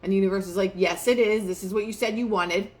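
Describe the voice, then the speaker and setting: Brief: young woman, casual host, chatty with many fillers, mid-pitched voice, motivational talk. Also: fast talker. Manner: chatty, filler-heavy, quotes herself and others in lively asides. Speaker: manifestation show host.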